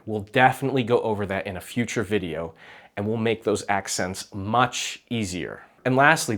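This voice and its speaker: A man teaching clinical Spanish to therapists, with clear repeat-after-me drills and light jokes. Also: mid-range voice. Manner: patient, clear, lightly joking.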